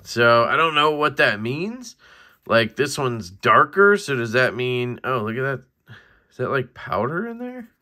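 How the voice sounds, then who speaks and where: A man's voice: medium pitch, big pitch swings, measured pace, sharp tone. A man casually reviewing a folding knife in a vlog, rambling and self-deprecating, with many fillers and restarts.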